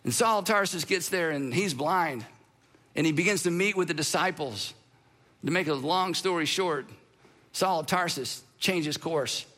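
Preacher guy telling the story with jokes, high voice, pretty bright. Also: a little slow. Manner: animated storytelling with playful humor. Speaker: pastor. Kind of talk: sermon.

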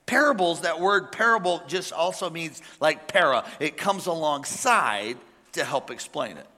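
A man preaching a sermon, telling a made-up parable and acting out the characters with lively energy. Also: on the high side, normal speed. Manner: animated storytelling, acting out characters. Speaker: pastor. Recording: long hall reverb.

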